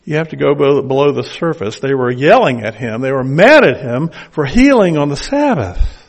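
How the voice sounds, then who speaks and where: A man's voice: a little high, big pitch swings, moderate pace. An older man with a Southern accent preaching a conversational sermon with folksy asides.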